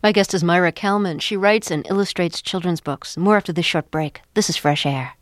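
A woman radio interview host with a slightly low voice. She asks questions conversationally, with small laughs. The studio sound is dry and close. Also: fairly quick, no room sound.

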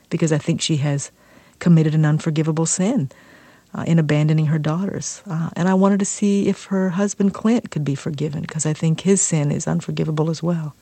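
A woman from South Carolina, an author, reading aloud from her novel with deliberate emphasis and then answering interview questions. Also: low voice, warm tone, no echo. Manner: deliberate reading with slowing emphasis, brisker and laughing in conversation. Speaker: author and guest. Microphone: studio microphone. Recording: dry studio sound.

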